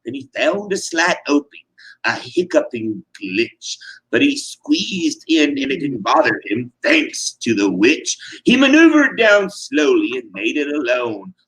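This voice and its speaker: A man's voice: mid-range voice, fairly bright tone, rough recording. A man giving a dramatic reading of a rhyming tale with a theatrical, sing-song delivery. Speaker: reader.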